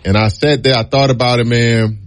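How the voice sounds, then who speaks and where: A man telling stories from his football days in a relaxed interview, acting out the people he quotes. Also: medium pitch, a little fast. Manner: relaxed storytelling, acts out quoted voices. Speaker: guest, former college football player. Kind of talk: casual storytelling interview.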